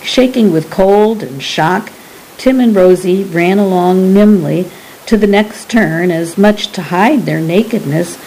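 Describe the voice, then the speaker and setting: A woman reading a story aloud as narrator, in a measured, deliberate way. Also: medium pitch, mellow, a little hiss or hum, low-quality recording. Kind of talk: scripted audiobook narration.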